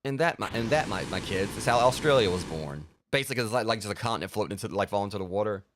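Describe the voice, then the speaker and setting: Fast, rambling gamer guy. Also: fairly low pitch, expressive, a bit bright. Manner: rambling, filler-heavy. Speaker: let's play host. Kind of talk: casual gameplay commentary.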